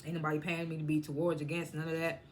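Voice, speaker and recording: A woman's voice: deep voice, flat delivery, fast talker. A woman reviewing TV shows in a casual, chatty recap. She often stumbles and restarts her words and laughs as she retells scenes. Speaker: TV show reviewer.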